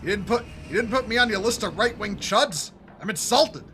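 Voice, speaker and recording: A man with a high, bright, lively voice chats with friends over a game. He trips over his words and swears in mock outrage. Faint ambience sits behind him. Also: a little fast, a little hiss or hum. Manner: stammering, profane, mock-outraged. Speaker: streamer playing a game with friends. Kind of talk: casual gaming chat.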